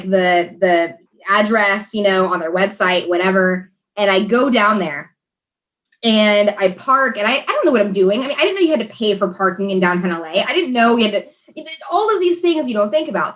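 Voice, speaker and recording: A woman's voice: medium pitch, lively intonation, fairly quick, fairly bright tone. A young American woman, a podcast guest, telling a story in casual chat, laughing often and talking with many fillers and restarts. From USA.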